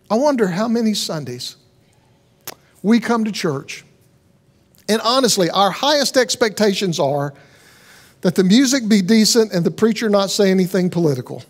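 A man with a notably high voice delivers a sermon from the pulpit. He preaches in an earnest, conversational manner, leaning on rhetorical questions to draw listeners in. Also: animated, moderate pace. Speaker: pastor.

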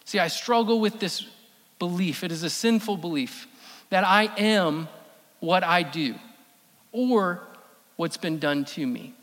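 A man preaching a sermon as pastor, emphatic, repeating key phrases and slowing down for stress. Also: high-pitched, a bit bright. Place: church sanctuary. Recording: long reverb of a church hall.

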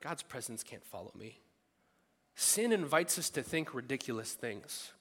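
A man preaching a sermon in a lively, animated way, breaking into loud bursts when he acts out what people think. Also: mid-range voice, unhurried, husky, big-room sound. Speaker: pastor.

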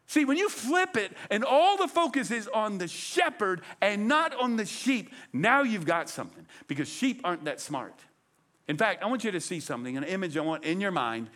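Lively, animated man preaching. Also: brisk. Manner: animated, conversational preaching with dramatic pitch swings. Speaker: pastor. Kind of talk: sermon.

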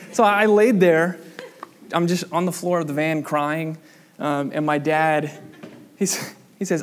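A young man with a fairly high voice preaching a sermon. He talks in a loose, chatty way with plenty of ums and likes. He acts out the voices in his stories loudly. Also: fairly even intonation, a little slow, pauses often, slight background noise. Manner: casual storytelling with many fillers, acts out quoted voices loudly. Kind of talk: sermon with a personal story.

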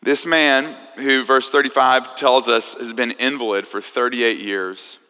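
A man preaching a sermon, telling a story in a conversational, animated way. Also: medium pitch, unhurried, clear, resonant tone. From United States. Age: 30s. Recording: echoey hall.

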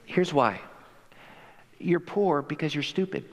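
A man's voice: a little high, lively intonation, takes it slowly, a little hiss or hum. Emphatic preacher man in a reverberant sanctuary. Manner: emphatic, conversational, with acted-out quotes. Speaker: pastor. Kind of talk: sermon. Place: church sanctuary. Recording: long hall reverb.

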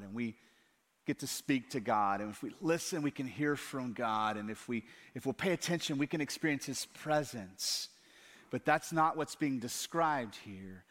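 A male pastor preaching a sermon in a church, lively, with rhetorical questions and asides to the congregation. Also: mid-range voice. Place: church hall.

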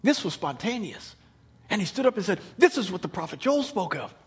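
Animated high-pitched preaching man. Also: fairly quick, husky. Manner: animated preaching, acting out Bible characters, swinging from hushed to loud. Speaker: pastor. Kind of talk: sermon.

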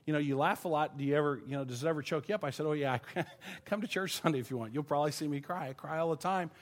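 A man, a pastor, preaching a sermon in an earnest, emotional way, laughing at times and quick to choke up. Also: a little high. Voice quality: voice goes thin and quiet when choked up.

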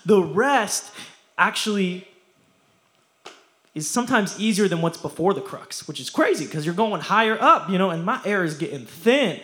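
A man's voice: high-pitched, expressive, normal speed, pushed and bright. A young man preaching a casual youth sermon, slangy and playful, often laughing as he talks.

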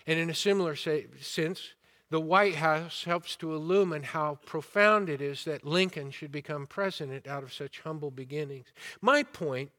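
A man preaching a sermon, deliberate, with rising emphasis and quiet asides. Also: a little high, in a large hall. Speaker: pastor.

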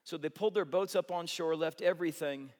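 A middle-aged man preaching a sermon as a pastor, telling the story with humor and swinging between loud, animated stretches and hushed ones. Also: fairly high pitch, brisk, big-room sound.

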